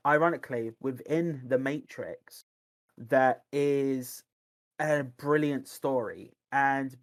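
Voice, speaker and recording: A man's voice: medium pitch, no echo. A man co-hosting a podcast, chatting casually and enthusiastically about films and games, rambling with lots of restarts. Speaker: podcast co-host. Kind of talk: casual film and games discussion.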